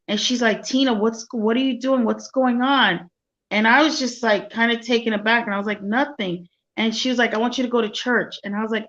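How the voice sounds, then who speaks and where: Quiet, soft-spoken woman telling her story. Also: mid-range voice, highs cut off. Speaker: guest. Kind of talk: personal testimony in an interview.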